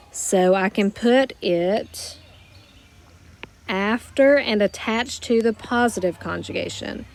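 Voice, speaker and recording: A woman teaching a recorded grammar lesson, explaining patiently step by step and slowing down to model phrases. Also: medium pitch, gravelly. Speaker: Spanish teacher.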